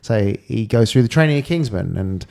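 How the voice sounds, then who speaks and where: A man's voice: on the low side, animated, moderate pace, creaky, darkish tone. A man co-hosting a podcast in casual chat, jokey, blunt and offhand. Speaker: podcast co-host.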